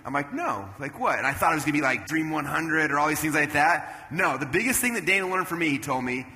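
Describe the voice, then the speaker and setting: A man in his thirties giving an energetic stage talk at a business event, telling animated stories and jumping into loud character voices. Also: a little high, fast. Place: event stage in a large hall. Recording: long hall reverb, faint room noise.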